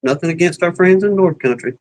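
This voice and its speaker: A man's voice: high-pitched, a little fast, darkish tone, poor audio. A man with a Southern US accent co-hosting a casual beekeeping live chat, talking in a folksy, rambling way with plenty of fillers. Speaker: beekeeping livestream co-host.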